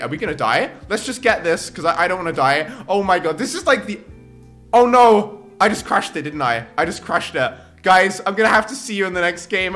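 Young male gamer, excitable commentator, high and very animated, light music bed. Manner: excitable, exclaims and laughs often. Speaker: gaming YouTuber. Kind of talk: gameplay commentary. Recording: faint background music.

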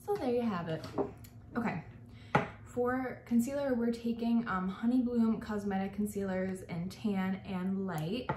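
A woman's voice: mid-range voice, darkish tone, a little hiss or hum. Young woman makeup artist rambling thru a tutorial, lots of "like", medium voice, roomy echo. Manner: chatty and gushing, heavy use of "like". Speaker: makeup artist and beauty vlogger. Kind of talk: casual makeup tutorial talk. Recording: echoey room.

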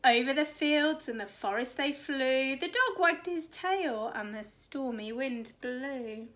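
Woman teacher, high voice, slow storybook reading, sing-song rhyme. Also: lively intonation, fairly bright tone. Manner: rhythmic, sing-song rhyming delivery. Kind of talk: expressive storybook read-aloud.

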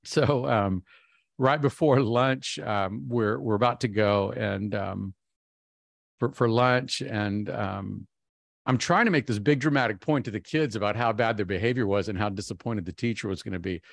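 A man in his fifties giving a humorous keynote talk, telling a story in an animated, self-mocking way with frequent ums and restarts. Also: lowish voice, normal speed, creaky, no echo, clean studio sound. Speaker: keynote speaker.

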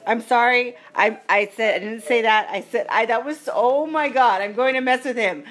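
A woman chatting casually as she plays a mobile game, giggly and quick to apologize. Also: a little high, a bit bright. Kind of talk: casual gameplay commentary.

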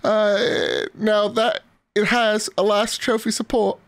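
A pompous, posh British gentleman, as a man puts him on, hammy and high-pitched, pushing the accent hard. The voice sounds close and dry, with no room around it. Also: fairly even intonation, slow pace, vocal fry, no echo, full character voice.

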